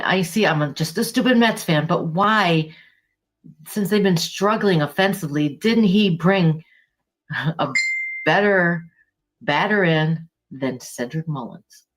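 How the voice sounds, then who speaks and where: Angry, profane woman with a lowish voice. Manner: heated, exasperated and profane. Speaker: podcast co-host. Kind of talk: casual sports podcast rant.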